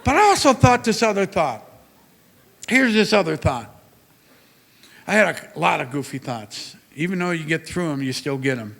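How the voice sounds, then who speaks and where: A man in his sixties giving a motivational talk at a university, telling stories in a lively way with big rises and drops in his voice. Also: moderate pace, gravelly, long pauses. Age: 60s. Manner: animated storytelling with big swings in pitch and loudness. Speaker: motivational speaker. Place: university lecture hall. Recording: long hall reverb.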